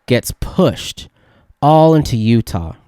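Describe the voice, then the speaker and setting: A young man from California, hosting a casual solo podcast and telling a rambling, excitable story full of "dude" and "like". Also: mid-range voice, slow, no room sound, clean studio sound. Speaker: podcast host.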